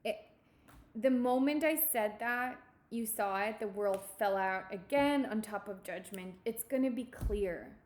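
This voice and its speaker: A woman giving a tarot reading, speaking in a halting, reassuring way and often repeating her words. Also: mid-range voice, a little mellow. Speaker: tarot reader.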